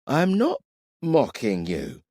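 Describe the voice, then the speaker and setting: Male narrator playing a tipsy young warrior in love, earnest and slow, audiobook. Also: medium pitch, wildly swooping pitch, a little mellow, no echo, clean studio sound, voice pushed up. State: drunk.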